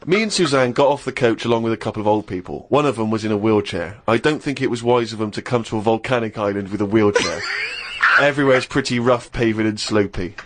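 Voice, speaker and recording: A man co-hosting a comedy chat show, reading a diary aloud in a deadpan way. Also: fairly low pitch, fast, heavy background noise. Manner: deadpan reading, breaking into laughter.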